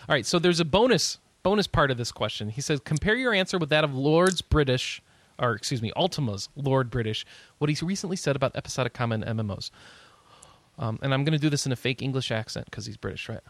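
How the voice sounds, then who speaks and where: A man hosting a casual gaming podcast, animated and jokey as he reads out listener questions. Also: mid-range voice, fast talker, dry recording. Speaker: podcast host.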